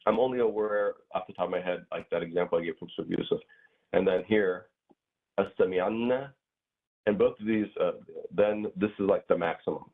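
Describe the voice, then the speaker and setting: A very low, husky-voiced man teaches grammar over a thin, phone-like connection. He rambles through his points with plenty of fillers and acts out little everyday scenes to make them clear. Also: fairly even intonation, quick pace. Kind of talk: casual online class explanation. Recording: tinny phone-like audio.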